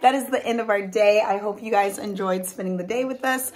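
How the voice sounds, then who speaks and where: A woman's voice: mid-range voice, brisk. A woman vlogging her day at home as a homeschool mom, talking in a chatty, rambling way. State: out of breath after workout. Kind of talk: casual vlog chat. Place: home garage gym.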